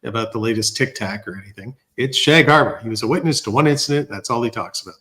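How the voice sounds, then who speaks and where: A filmmaker guest telling animated anecdotes with dry humor in a casual podcast chat. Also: male voice, medium pitch, fast talker.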